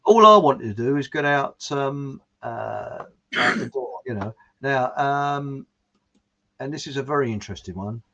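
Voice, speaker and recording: A man's voice: medium pitch, lively intonation, a little slow, pushed and bright. Rambling man, muffled audio. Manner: rambling, chuckles at his own jokes. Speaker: show host. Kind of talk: casual chat reading viewer comments.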